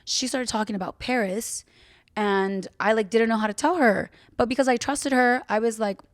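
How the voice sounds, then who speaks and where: A woman's voice: on the high side, moderate pace, no echo, clean studio sound. A young woman hosting a podcast, telling a personal story in a candid, casual way, full of fillers and the odd swear word. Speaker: podcast host.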